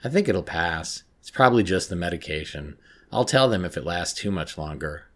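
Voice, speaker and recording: A man's voice: low voice, animated, moderate pace. A man voicing an anxious, sleep-deprived teenage girl who insists she is fine, in a horror story reading. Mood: evasive.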